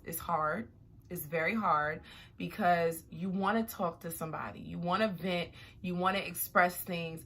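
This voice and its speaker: A young adult woman vlogger talking casually to her viewers, chatty and animated. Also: on the low side, slight background noise. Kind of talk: casual talk to camera.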